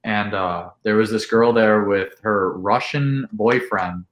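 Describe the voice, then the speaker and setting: A man's voice: on the low side, takes it slowly. Chatty man telling a party story, echoey room. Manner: animated, full of "like", acts out quotes. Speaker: podcast guest. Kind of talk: casual storytelling.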